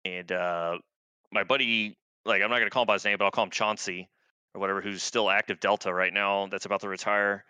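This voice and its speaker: A man's voice: lowish voice, fairly even intonation, brisk, sharp tone, clean tone, dry recording, highs cut off. A man in his thirties, an army veteran guest, telling war stories in a laid-back, profane, rambling way with lots of fillers. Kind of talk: casual war storytelling.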